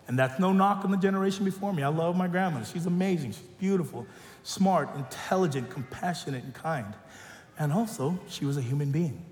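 A male pastor preaching a sermon, telling stories and joking, animated. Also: fairly high pitch. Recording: echoey church hall.

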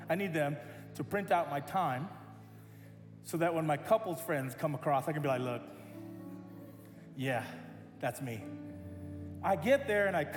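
Male pastor, high voice, animated sermon storytelling; large roomy hall with long reverb. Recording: echoey hall with music.

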